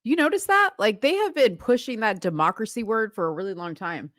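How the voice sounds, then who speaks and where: A woman hosting a casual political talk show, chatty and animated. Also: mid-range voice, fairly quick, no echo. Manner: animated, chatty, laughs easily. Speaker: show host.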